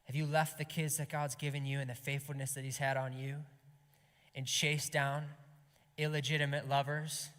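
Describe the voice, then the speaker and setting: Guy preaching hard at a young adults night, mid-pitch voice, goes loud then drops to a whisper. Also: flat delivery, normal speed. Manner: impassioned, swings from loud to hushed whispers. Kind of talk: sermon. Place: gathering hall. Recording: long hall reverb.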